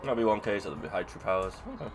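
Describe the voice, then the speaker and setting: A man's voice: on the low side, lively intonation, quick pace, slight background noise, poor audio. A British man chatting casually while streaming a game, rambling, joking and muttering to himself as he plays. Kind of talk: casual gameplay chat.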